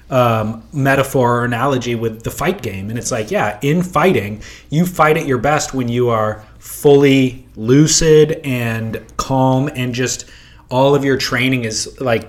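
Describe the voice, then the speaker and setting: A man co-hosting a casual podcast chat in a laid-back way, full of "like" and "you know". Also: medium pitch. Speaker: podcast co-host.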